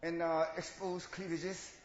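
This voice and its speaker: A man preaching a sermon in church, swinging from shouted lines to low asides and chuckles. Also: flat delivery, a little slow. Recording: echoey church room, dull lo-fi sound.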